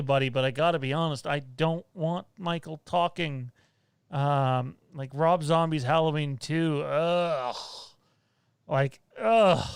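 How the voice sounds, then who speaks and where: A man's voice: a little high, smooth, dry recording. A man hosting a casual live-stream chat, rambling with frequent laughs and restarts. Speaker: podcast host.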